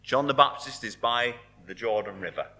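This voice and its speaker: Guy preaching a sermon, bright forceful voice, earnest, goes quiet on the big words. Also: medium pitch, normal speed. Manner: earnest preaching, dropping to soft emphasis on key words.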